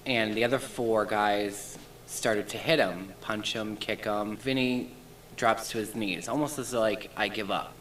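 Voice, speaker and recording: A man's voice: fairly low pitch, fairly even intonation, a little slow, a bit bright, a little hiss or hum, rough recording. A man giving an emotional first-person account as an interview guest, in a shaken, intense retelling.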